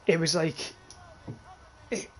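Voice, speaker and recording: A man's voice: slow pace, a little hiss or hum. A young man streaming a shooter game, rambling and swearing as he reads chat aloud and laughs at it. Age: young adult. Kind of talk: casual livestream commentary while playing.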